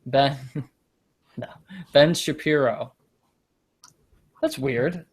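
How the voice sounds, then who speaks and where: A male podcast host with a medium-pitched, breathy-edged voice talks very slowly on a casual comedy show. He rambles through jokey, self-deprecating stories and often loses his point.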